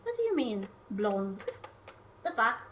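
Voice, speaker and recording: In her home kitchen, a woman streams herself cooking, chatting casually and rambling while swearing often and talking to both her food and her viewers. Her voice is on the high side, sing-song, slow, and a bit bright, picked up far from the mic with slight background noise.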